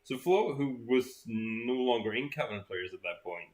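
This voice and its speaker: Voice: mid-range voice, animated, normal speed, a little mellow. A guest from Sweden chatting casually on a live stream, telling stories with dry jokes.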